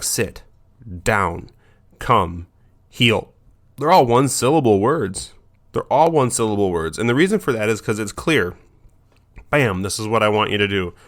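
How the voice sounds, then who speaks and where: A man's voice: mid-range voice, a bit bright. A man hosting a dog training podcast, talking in a loose, chatty monologue with many fillers and restarts.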